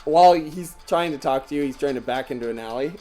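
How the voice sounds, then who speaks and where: A man narrating as game master, animated and laughing often, with faint music behind. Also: on the high side, fast. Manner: animated, laughs often, acts out villains in yelps.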